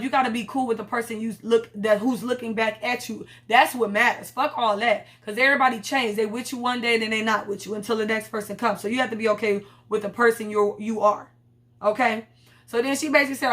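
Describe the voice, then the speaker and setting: A woman's voice: a little high, normal speed. A woman recapping a TV episode in casual, profane chat, bluntly retelling scenes in her own words and voices. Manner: blunt, profane, animated storytelling with quoted voices. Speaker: TV recap host.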